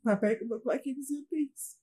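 Husky-voiced grieving mother recounting loss. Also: sits high, dark tone, poor audio. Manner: halting, repeats herself, quotes others. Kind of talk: emotional personal testimony.

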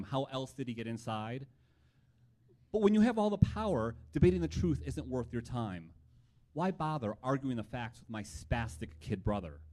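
Mellow-voiced man telling a personal story. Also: mid-range voice. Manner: wry, reflective.

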